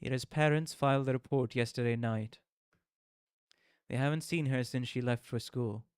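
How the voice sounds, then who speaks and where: A man voicing a stern schoolteacher in a visual novel read-aloud, with a dry, flat delivery. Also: mid-range voice, normal speed, smooth, no echo, close to an everyday voice. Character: stern schoolteacher announcing a missing pupil.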